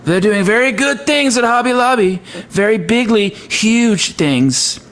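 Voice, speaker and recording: Boastful politician impression by a man, high, slow, repeating big claims. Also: animated, a bit bright, slight background noise. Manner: bragging, repetitive superlatives.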